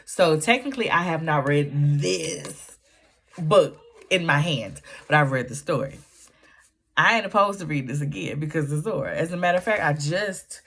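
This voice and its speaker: A woman talking casually on her book vlog, telling stories in lively Southern Black vernacular. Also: sits low, creaky, breathy edge. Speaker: book vlogger.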